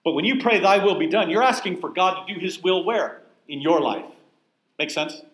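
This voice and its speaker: A man leads a Bible class, talking in a lively, conversational way and stressing points hard. He keeps asking his listeners questions. His voice sits a little high and rings in an echoey room. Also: moderate pace. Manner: emphatic, asks the room questions. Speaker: pastor teaching a Bible class.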